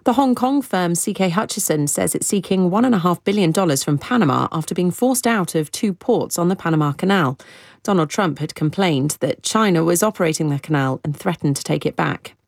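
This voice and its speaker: A woman reading a scripted news bulletin in a measured, even way. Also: on the low side, creaky, dry recording. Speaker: newsreader.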